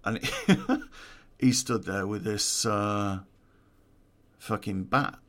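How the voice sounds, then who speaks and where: A man's voice: lowish voice, steady tone, slow pace, fairly bright tone. A man, telling a true-crime story in a casual, profane way and laughing at his own story.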